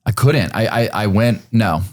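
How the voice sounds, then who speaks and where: Low-voiced man telling his story casually. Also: a little slow, no room sound, clean studio sound. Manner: rambling, lots of fillers and swearing. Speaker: podcast guest.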